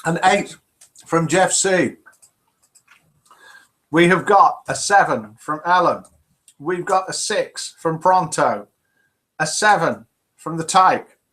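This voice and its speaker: Older english midlands guy hosting a live show from home, fairly high voice, chatty and cheery. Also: lively intonation, slow, long pauses, fairly bright tone. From England. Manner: chatty, cheerful, reads out viewer messages. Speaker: host. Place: home room.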